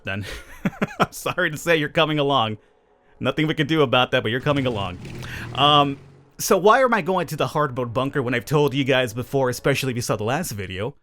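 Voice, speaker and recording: A man's voice: fairly high pitch, a bit bright. A man giving rambling, self-amused commentary over his mobile survival gameplay. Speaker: gaming YouTuber.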